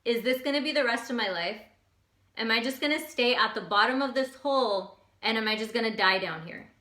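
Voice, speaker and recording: A woman voicing a male frog trapped at the bottom of a deep hole, talking to himself in an echoey room. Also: a little fast, sharp tone. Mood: despairing. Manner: storytelling, pleading then resolute.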